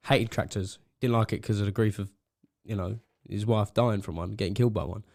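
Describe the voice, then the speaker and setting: A man's voice: on the low side, fairly quick, creaky, darkish tone. A man co-hosting a casual podcast, telling a long rambling joke with frequent laughs and trailing asides. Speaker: podcast co-host. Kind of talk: casual chat.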